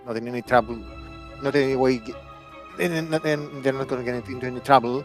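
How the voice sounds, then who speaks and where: A man playing a tabletop horror game who speaks haltingly and stammers, acting as a haughty doctor. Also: mid-range voice, steady tone, soft background music. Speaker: player. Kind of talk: tabletop role-play.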